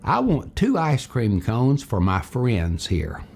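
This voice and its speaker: A man voicing a proper middle-aged British gentleman in a storytold memory, husky and emphatic. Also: medium pitch, wildly swooping pitch, slow, slight background noise, heavily acted. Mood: kindly.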